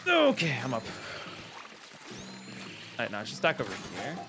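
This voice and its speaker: A man's voice: medium pitch, moderate pace. A man livestreaming a video game, chatting playfully with his viewers. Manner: playful, jokey, talks to chat. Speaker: streamer. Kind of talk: casual game livestream chat. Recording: game music behind. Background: game music.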